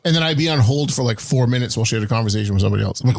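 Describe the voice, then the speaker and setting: Husky man laughing through a group chat. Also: mid-range voice. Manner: laughs a lot, quick quips.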